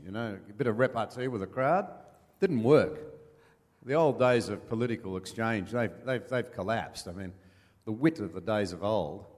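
An older man with an Australian accent, a former politician telling folksy stories as an interview guest, pausing with many fillers. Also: medium pitch, in a large hall. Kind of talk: anecdotal storytelling.

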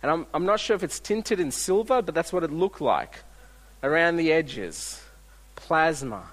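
A male pastor delivers a conversational sermon, telling everyday stories and restarting his sentences as he goes. His voice sits a little higher than most men's. It rings out with the long reverb of a large church hall. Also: animated, a little slow, a bit bright. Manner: conversational, storytelling with frequent restarts.

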